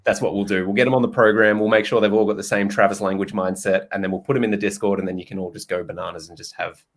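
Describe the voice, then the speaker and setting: A young man with a lowish voice hosts a relaxed podcast chat. He is loose and jokey, drops in swear words and breaks into laughter often. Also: racing. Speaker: podcast host and nutrition coach. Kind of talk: casual chat.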